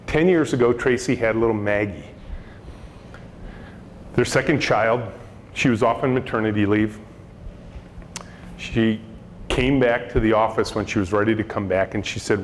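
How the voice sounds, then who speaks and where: A middle-aged man, a company boss, tells anecdotes to a student audience and slips into quick little voices for the people in them. His voice sits in a middle register. The recording is made in a hall with a long reverb and a faint hum underneath. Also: mid-range voice. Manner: animated storyteller acting out dialogue voices. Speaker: company CEO giving a talk to students. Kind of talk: storytelling keynote talk.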